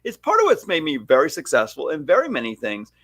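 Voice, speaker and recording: Animated man, lively emphatic salon talk. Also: a little high, fast, no echo. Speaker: salon owner and stylist educator. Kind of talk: casual podcast chat.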